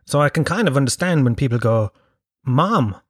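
A man's voice: mid-range voice, expressive, quick pace, no room sound, clean studio sound. An Irish man with a Kerry accent, telling a rambling, self-mocking story and swearing freely. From Ireland. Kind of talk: storytelling monologue.

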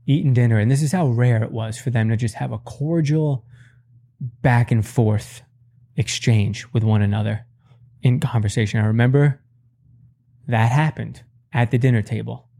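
Thirtysomething guy doing standup, swears a lot, rambles, pitch jumps way up when he acts stuff out. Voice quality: profane, rambling storytelling with animated voice jumps. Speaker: stand-up comedian. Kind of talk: stand-up comedy monologue.

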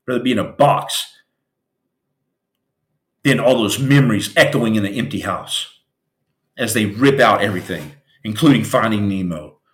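A man's voice: on the low side, lively intonation, normal speed, pauses often, a bit bright, reverberant. A man hosting a podcast, telling stories in an impassioned, preachy motivational style that turns raw and emotional. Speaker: podcast host, former Navy SEAL.

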